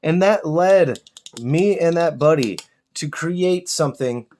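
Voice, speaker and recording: A man hosting a miniature painting channel, chatting casually as he paints and ranting with lots of swearing and animated outbursts. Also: on the high side, slow, slight background noise. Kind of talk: casual chat while painting.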